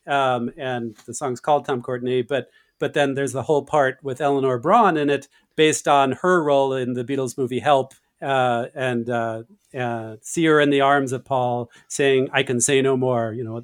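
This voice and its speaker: A man discussing music casually as a podcast guest, enthusiastic and fluent. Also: medium pitch.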